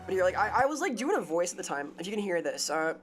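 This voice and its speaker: A woman streamer chatting casually on a live stream, excitable and talkative, swearing now and then. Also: on the low side, quick pace, soft background music.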